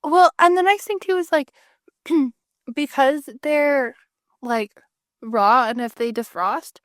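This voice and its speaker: A woman co-hosting a podcast, chatting in a relaxed way with lots of fillers. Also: sits high, slow pace, dry recording, clean studio sound. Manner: relaxed, conversational, many fillers. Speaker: podcast co-host. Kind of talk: casual chat.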